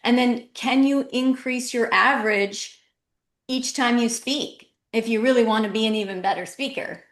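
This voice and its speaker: A woman's voice: a little high, moderate pace. Woman moderator in an echoey room. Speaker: session moderator. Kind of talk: moderating a seminar Q&A.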